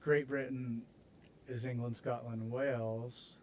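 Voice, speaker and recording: Hosting a game livestream, an American man rambles casually and makes self-mocking jokes while building. He speaks slowly in a medium-pitched, level, darkish voice, and the low-quality recording carries slight background noise.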